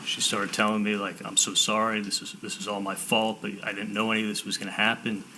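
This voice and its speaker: A man testifying as a defendant in a courtroom, telling his story in halting sentences with repeated words and "I'm like" quotes. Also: fairly low pitch, flat delivery, sharp tone, a little hiss or hum, rough recording.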